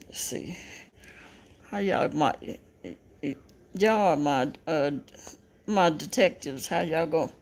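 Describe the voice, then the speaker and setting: A woman's voice: deep voice, a little mellow. A Southern American woman hosting a casual livestream, laughing often and teasing her viewers as she reads their comments. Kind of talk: casual live chat.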